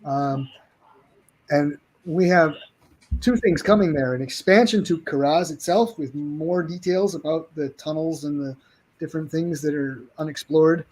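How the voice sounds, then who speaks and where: A man's voice: on the high side, unhurried, a little mellow. A man, a game publisher guest, talking casually on a video call, friendly and rambling with frequent restarts.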